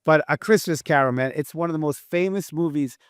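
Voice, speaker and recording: A man's voice: on the high side, fairly quick, smooth, dry recording, clean studio sound. A man with a slight lisp, co-hosting a podcast in brash, teasing, profane casual chat. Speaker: podcast co-host.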